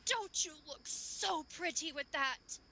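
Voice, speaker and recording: A soft-spoken, fussy male blacksmith voiced by a woman murmurs and hums to himself in a tabletop game. The voice is bright and sits fairly high, with lively swings in pitch. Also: slow pace, a little hiss or hum, heavily acted. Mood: doting.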